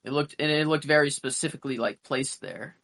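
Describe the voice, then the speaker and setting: Young guy rambling on a fan podcast, lots of likes and um, normal pitch. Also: brisk, creaky, a bit bright. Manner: rambling, hesitant, many fillers. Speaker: podcast co-host. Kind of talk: casual fan podcast chat.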